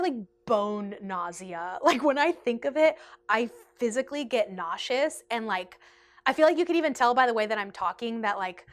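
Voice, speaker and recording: A chatty young woman recounts a story to her camera in a storytime vlog, seated indoors. Her voice sits a little high, and she talks in an animated, casual way, leaning on "like" as she goes. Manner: chatty and animated, heavy use of like. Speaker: vlogger. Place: indoors, seated in a rotating chair.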